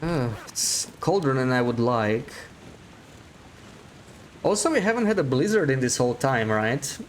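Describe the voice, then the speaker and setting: A man's voice: mid-range voice, very animated, a little slow, a little hiss or hum. Chatty man streaming a game live. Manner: chatty, talks to viewers, laughs often; thinks aloud with restarts. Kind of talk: live gameplay commentary.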